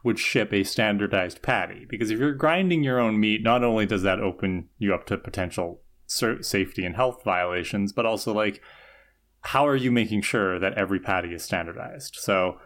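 A woman's voice: extremely low pitch, moderate pace. A woman co-hosting a podcast in casual chat, with a wry, matter-of-fact way of talking. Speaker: podcast co-host.

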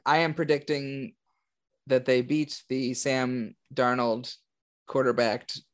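Young dude talking football casually, lots of likes and restarts, easygoing chat. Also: male voice, medium pitch, little pitch movement, slow. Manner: rambling, thinks aloud with fillers.

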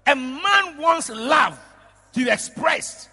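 A man, a bishop preaching a lively sermon in a large church, shouting out to the congregation and breaking into laughter. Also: very high-pitched, takes it slowly. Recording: long reverb of a church hall.

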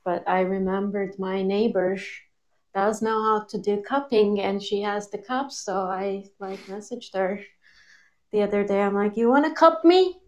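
A woman's voice: mid-range voice, flat delivery, measured pace, a little mellow. A woman co-hosting a casual chat show, telling stories with frequent laughs. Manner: laughs often, chatty storytelling. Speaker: co-host.

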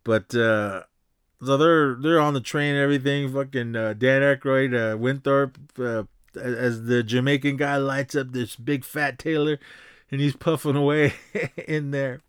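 A man hosting a podcast, casually recapping a film in a rambling, halting way, with lots of fillers and restarts and the odd chuckle. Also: mid-range voice, fairly even intonation, smooth, dry recording, clean studio sound. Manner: chuckles while retelling. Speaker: podcast host.

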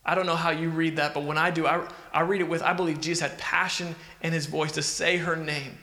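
A man's voice: on the high side, little pitch movement, fairly quick, pushed and bright. A man preaching a sermon in an earnest, conversational way, asking the listeners questions. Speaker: pastor. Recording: echoey hall with long reverb.

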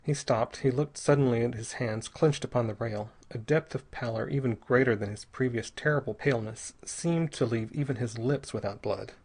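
A man reads a story aloud at an even, measured pace. His mid-pitched voice carries a slight husky grain. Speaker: audiobook narrator. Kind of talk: scripted narration.

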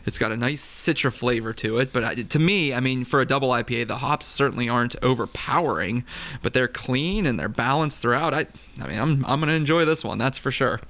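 A man co-hosting a casual beer-tasting podcast, giving relaxed, drawn-out tasting notes. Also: mid-range voice. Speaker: podcast co-host.

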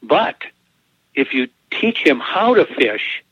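A man with a husky, slightly raised voice trades corny jokes in a relaxed chat show. He often chuckles at his own punchlines. The sound is dull and lo-fi, with a dry, close feel. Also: fairly high pitch, takes it slowly, no room sound. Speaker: podcast co-host telling jokes. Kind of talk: casual chat.

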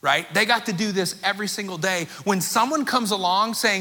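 A male pastor preaching a sermon in an energetic, conversational way, full of rhetorical questions. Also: high-pitched, a little fast, few pauses, big-room sound.

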